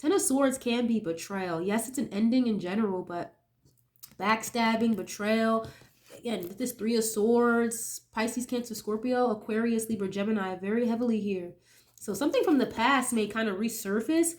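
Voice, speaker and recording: A woman's voice: fairly high pitch, normal speed. A young woman doing a casual tarot reading, chatty and sniffly as she gets over a cold, often checking in with "okay?". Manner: chatty, keeps asking okay, swears casually. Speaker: tarot reader.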